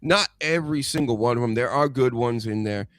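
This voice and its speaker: A man's voice: medium pitch, a little fast, a bit bright, no echo. A man with a mid-range voice gripes in casual podcast banter. He is dismissive and sweary. The recording is dry and close to the mic. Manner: griping, dismissive. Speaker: podcast co-host.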